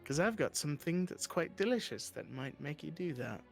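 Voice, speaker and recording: A man's voice: fairly high pitch, very animated, fairly quick, dry recording, faint music behind, heavily acted. A man playing a pushy traveler who is trying to talk his way into a trade to find his friend. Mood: persuasive. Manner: smooth-talking, wheedling trader.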